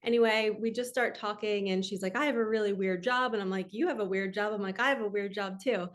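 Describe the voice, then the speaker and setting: Woman host, earnest and chatty, middle pitch, personal storytelling to listeners. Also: fairly even intonation, fast. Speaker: spiritual podcast host.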